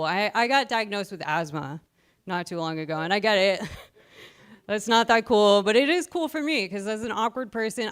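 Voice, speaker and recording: A woman in her thirties performs stand-up with a smooth, clear voice. She sounds short of breath and mocks herself in a lively way, often laughing at her own jokes. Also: medium pitch. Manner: self-deprecating, animated, laughing at own jokes. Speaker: stand-up comedian. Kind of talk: stand-up comedy set.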